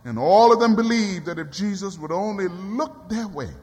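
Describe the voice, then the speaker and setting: A man preaching a sermon in a church, swinging from quiet low passages to high cries. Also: lively intonation, normal speed. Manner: dramatic rising cries and quiet drops. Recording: long hall reverb.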